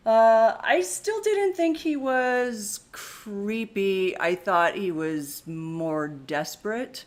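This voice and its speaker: A woman's voice: fairly low pitch, takes it slowly, hardly any pauses. Chatty woman podcast co-host. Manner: chatty, frequent "like" and "um" fillers. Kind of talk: casual live-stream chat.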